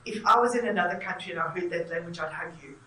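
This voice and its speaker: A woman's voice: fairly low pitch, fast talker, sharp tone, slight background noise. Effusive woman interviewer. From South Africa. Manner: effusive, talkative. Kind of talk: enthusiastic conversational interview. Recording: echoey room, mic at a distance.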